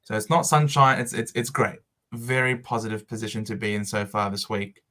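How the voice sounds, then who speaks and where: A man in an excited, over-the-top emotional vlog monologue, with shouts and dramatic pauses. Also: fairly low pitch. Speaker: fantasy football vlogger.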